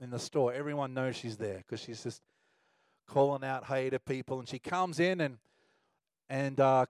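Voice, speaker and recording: A man preaching a sermon, telling a personal story in a relaxed, conversational way. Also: mid-range voice, smooth, no room sound. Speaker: pastor.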